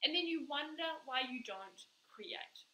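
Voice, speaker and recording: A woman's voice: high-pitched, expressive, unhurried, bright, forceful tone, echoey room, low-quality recording. A woman coach giving an emphatic live-streamed motivational talk, repeating words for stress. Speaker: manifestation coach.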